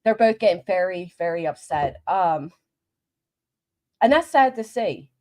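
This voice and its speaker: A woman's voice: fairly low pitch, lively intonation, unhurried, darkish tone. A woman hosting a casual reaction commentary, sarcastic, laughing now and then and trailing off into restarts. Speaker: commentary channel host.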